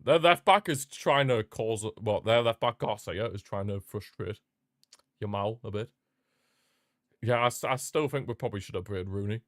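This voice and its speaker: A man hosting a live football watchalong, chatting excitedly, reacting to the match and answering viewer comments. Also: lowish voice, normal speed, no room sound, studio quality. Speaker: watchalong host.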